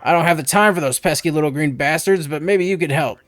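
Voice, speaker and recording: A man voicing a tired, put-upon male blacksmith in a game, with a gruff, grumbling manner. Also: fairly high pitch, fast, fairly bright tone, natural voice. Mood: grumbly.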